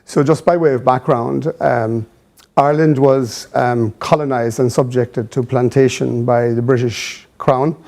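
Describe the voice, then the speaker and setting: A man as a studio guest, giving measured, thoughtful explanations with many pauses and fillers. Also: mid-range voice, fairly even intonation, gravelly, a little mellow. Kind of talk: explanatory interview answers.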